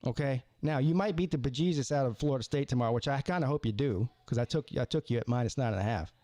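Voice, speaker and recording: A man's voice: medium pitch, fast talker, warm tone, no room sound. A man hosting a live sports call-in stream, rambling casually with stammered restarts and repeated words.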